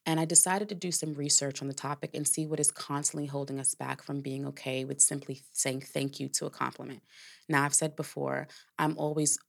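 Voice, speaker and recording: A woman's voice: very deep voice, gravelly. A woman hosting a podcast, telling a personal story in a candid, reflective way, with casual swearing and filler words. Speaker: podcast host.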